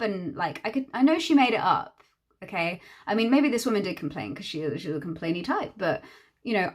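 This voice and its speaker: A young woman, a hairstylist, telling a chatty, exasperated storytime while doing her makeup, acting out the other people's lines. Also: medium pitch. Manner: chatty, exasperated, acts out quoted dialogue.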